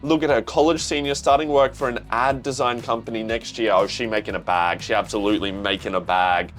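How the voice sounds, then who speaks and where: A young man with an Australian accent, excitedly reacting to a manga, swearing often and calling things crazy. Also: fairly low pitch, fairly quick, soft background music. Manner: excitable, swears, says "bro" a lot. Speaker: manga reaction channel host.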